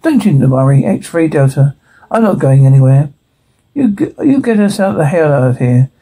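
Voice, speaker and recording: A man's voice: on the high side, sing-song, moderate pace, mellow, slightly rough. A man reading a TV script aloud on his own, voicing every part and calling out the sound cues, with frequent stumbles and restarts. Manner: reads every part and stage direction in one voice, with stumbles and restarts. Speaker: solo reader voicing all parts and sound cues.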